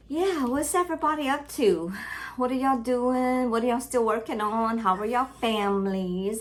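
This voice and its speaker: A middle-aged woman from Louisiana with a Cajun accent, chatting casually to her viewers during an unboxing at home. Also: mid-range voice. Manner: chatty, calls viewers y'all, easily distracted. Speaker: crafting channel host.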